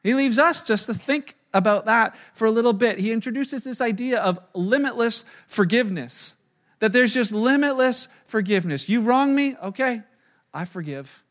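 A man preaching a sermon in a relaxed, conversational way. He retells scripture scenes and acts them out. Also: extremely high pitch, normal speed. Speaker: pastor.

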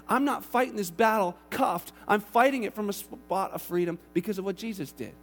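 A man in his thirties preaching a sermon, telling family stories in an animated, lively way. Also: sits high, a little hiss or hum. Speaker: pastor. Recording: long reverb of a large hall.

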